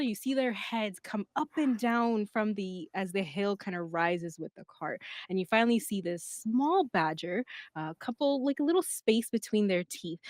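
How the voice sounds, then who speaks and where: A woman narrating as game master in a tabletop game, describing scenes gently with many fillers. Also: medium pitch, lively intonation, moderate pace, no room sound, clean studio sound.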